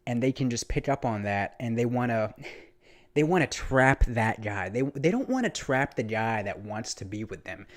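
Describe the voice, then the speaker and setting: A young man vlogging, telling a casual story in a rambling, animated way, full of restarts and swearing. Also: mid-range voice, normal speed.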